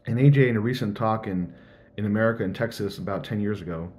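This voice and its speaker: Give me an earnest young man talking through his thoughts on a vlog, fairly low voice. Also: fast talker, a little mellow. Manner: earnest, searching, thinks aloud. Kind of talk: casual reflective vlog monologue.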